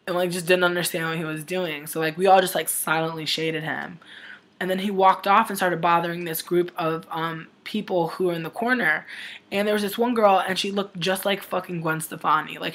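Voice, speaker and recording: A woman's voice: lowish voice, fairly bright tone. A young woman telling a story to camera in a rambling, casual way, full of "like" fillers and swearing, upset as she retells it. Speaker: vlogger.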